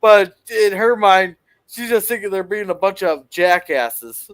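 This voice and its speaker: A man's voice: high voice, unhurried, crowd noise. A man on a chat panel, talking casually and hesitantly, searching for the right words. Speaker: panel guest.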